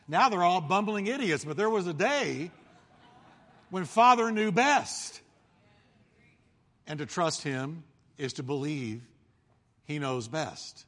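A male pastor preaches in a lively storytelling style, jumping into the voices of the people in his story. His voice sits a bit high for a man. The sound rings with the long reverb of a big hall. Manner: animated storytelling, acting out crowd voices. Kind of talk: sermon.

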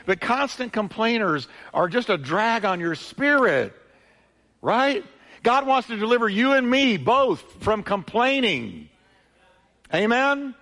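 A male pastor preaching a sermon with emphatic, repetitive delivery, swinging between loud peaks and quieter asides. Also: sits high, very animated, slow. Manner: emphatic preaching, repeating phrases with rising and falling intensity. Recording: long church hall reverb.

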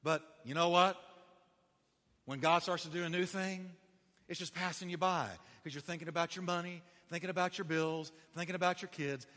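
A male pastor preaching a sermon, emphatic, his voice climbing to shouts at the high points. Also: steady tone, moderate pace. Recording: long hall reverb.

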